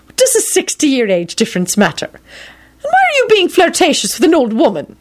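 A stern elderly headmistress, put on by a woman reading a storybook aloud. She speaks high and brisk, with a proud, scolding edge. Her delivery swings widely in pitch. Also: huge pitch swings.

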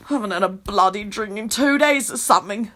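A woman's voice: medium pitch, a little fast, fairly bright tone, close to an everyday voice. Woman doing a crude grumbling drunk man. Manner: slurred, grousing.

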